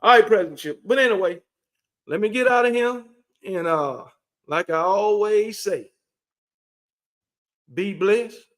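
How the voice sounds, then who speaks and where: A man with a notably high-pitched voice hosts a casual live-stream chat about sports. He talks in a brash, teasing way, ribbing rival fans between stretches of reading out details. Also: a little slow, long pauses, fairly bright tone. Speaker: host.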